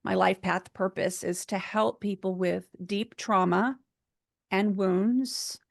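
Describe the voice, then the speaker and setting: A woman's voice: mid-range voice, slow, gravelly, no room sound, clean studio sound. A woman giving a seminar talk, earnestly telling a personal story in a chatty way with many fillers. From United States. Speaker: seminar speaker.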